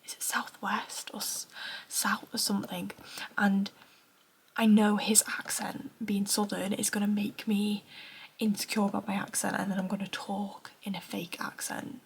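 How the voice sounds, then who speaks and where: A young woman in her twenties with a Northern English accent, chatting casually in a tired, soft, half-whispered voice at home at night. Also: medium pitch, level tone, normal speed, vocal fry. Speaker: running vlogger. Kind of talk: casual vlog chat.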